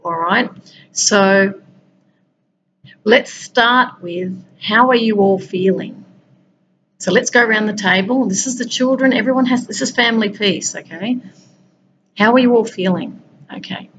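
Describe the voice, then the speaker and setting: Woman coach, conversational motivational talk, mid-pitched voice, faint background noise. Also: unhurried, long pauses, fairly bright tone, rough recording. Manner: conversational, speaks directly to listeners. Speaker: peace and wellbeing coach.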